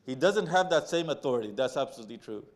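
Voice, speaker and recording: A man's voice: medium pitch, lively intonation, fast talker. A man giving a Muharram sermon. He speaks to the audience as brothers and sisters and retells a sacred story, acting out its quoted lines. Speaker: majlis speaker.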